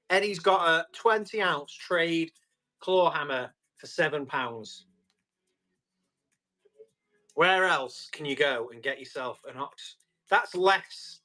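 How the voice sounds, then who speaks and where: A man with a slightly high-pitched voice hosts a live tool auction. He talks in a chatty, jokey salesman patter, reading out bids and bantering with viewers. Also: pushed and bright.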